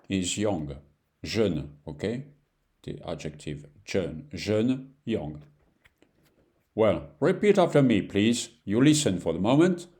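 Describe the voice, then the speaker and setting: A man's voice: on the low side, big pitch swings, slow pace, a little mellow. A man with a French accent teaching a beginner language lesson in patient, slightly broken English, repeating each phrase.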